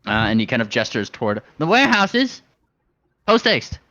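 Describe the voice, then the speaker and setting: A man sits in as a player in a tabletop game, casually describing his character's moves. His voice is bright and lively, recorded dry and a little dull. He talks in a relaxed, laughing way. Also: mid-range voice, fast talker, no echo.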